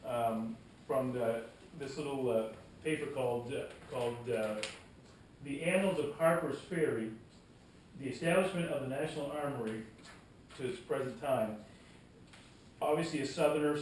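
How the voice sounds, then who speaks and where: A man's voice: moderate pace, a little mellow. A man speaking at a historical society meeting, rambling with repeated words and folksy asides, heard from a distance in a meeting room. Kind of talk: informal public talk. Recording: echoey room, mic far off, faint rumble.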